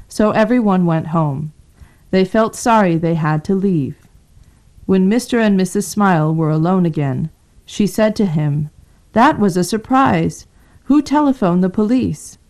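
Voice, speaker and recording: A woman narrating a simple storybook for learners, in a clear read-aloud way. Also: on the low side, moderate pace, darkish tone.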